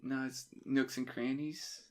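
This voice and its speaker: Male podcast co-host, mid pitch, loose rambling delivery, easy laugh. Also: flat delivery, measured pace, a little mellow. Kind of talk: casual movie review chat.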